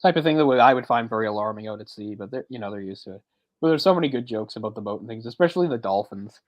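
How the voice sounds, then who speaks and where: A man's voice: on the low side, lively intonation, very fast, no echo, lo-fi sound. Chatty man rambling in a dry room. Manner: chatty, rambling retelling with frequent restarts and chuckles. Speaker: podcast co-host. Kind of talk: casual movie discussion chat.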